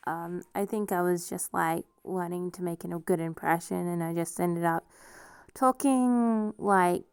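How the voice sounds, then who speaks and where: Her voice is fairly low, a little mellow and a little slow, with a steady, clean tone and clean studio sound free of room noise. This vlogger has a noticeable non-standard accent and rambles casually to camera about herself, self-deprecating and often laughing.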